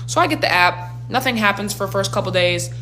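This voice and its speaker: A woman in her twenties telling a storytime in a slangy, animated way with big reactions. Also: mid-range voice, fast talker, faint music behind. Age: 20s. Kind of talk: storytime vlog.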